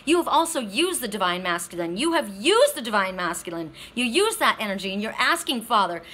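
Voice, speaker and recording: A middle-aged woman giving a casual, emotional oracle card reading, excitable and tearful, swearing freely. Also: mid-range voice, fairly quick. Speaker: tarot and oracle card reader.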